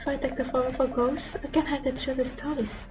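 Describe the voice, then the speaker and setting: A woman voicing a desperate young woman posing as a ghost, reading game dialogue aloud in a low, muttering, fixated way. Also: fairly even intonation, brisk, music in the background, lightly acted.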